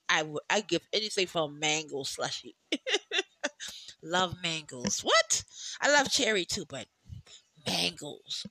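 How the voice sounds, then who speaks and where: A chatty solo podcast host with a bright, forward tone and a mid-range voice, recorded close and dry with no room sound. They tell loose stories, swear freely and laugh along the way. The talk wanders through plenty of "you know"s. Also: mid-range voice, no room sound. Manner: talks in rambling asides with many "you know"s. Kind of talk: casual solo podcast chat.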